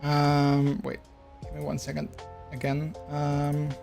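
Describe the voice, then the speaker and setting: A man's voice: on the high side, completely flat delivery, slow, vocal fry, music in the background. A man with the hiccups chatting casually on a live stream, rambling through his stories with many restarts. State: has the hiccups.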